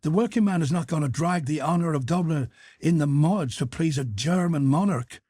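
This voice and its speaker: A man's voice: a little high, moderate pace, dark tone, dry recording, pitched above the performer's own voice, lightly acted. A man voicing a bitter, defiant working-class man who talks emphatically in an audiobook. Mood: indignant.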